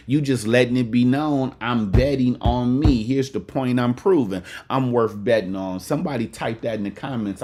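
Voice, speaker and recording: A man's voice: mid-range voice, mellow. A man giving a preacherly motivational talk, often asking listeners to talk back and repeating lines for emphasis. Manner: call-and-response, repeats lines for emphasis, says "amen" often; colloquial Southern Black church cadence with dice-game slang. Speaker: motivational speaker and pastor.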